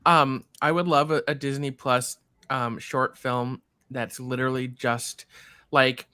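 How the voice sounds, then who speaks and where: An enthusiastic man chats casually while hosting a movie watch-along. His voice is bright and forward. The sound is dry and close, with no room around it. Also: medium pitch, little pitch movement, a little slow, clear, resonant tone, no echo. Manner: chatty, enthusiastic. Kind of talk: casual chat.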